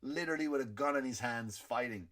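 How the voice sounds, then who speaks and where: An Irish man hosting a comedy podcast, ranting in a loose stand-up style, often restarting and repeating words, swinging between loud outbursts and low muttering. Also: fast. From Ireland.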